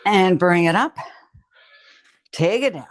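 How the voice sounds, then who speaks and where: A woman's voice: lowish voice, expressive, takes it slowly, no room sound. A woman fitness instructor coaching a home strength workout, cueing each move and cheering the viewer on. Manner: encouraging, cueing moves with frequent cheers.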